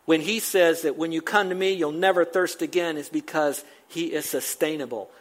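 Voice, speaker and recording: A man's voice: on the high side, normal speed. An older man preaching a sermon, emphatic and repetitive, building to rising exclamations. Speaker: pastor.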